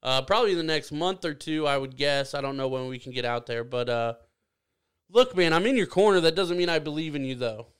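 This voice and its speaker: A man's voice: a little high, expressive, a little fast, smooth. A man hosting a podcast in casual, rambling chat, joking with his co-hosts and often restarting his sentences. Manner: rambling, self-correcting, joking. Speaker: podcast host.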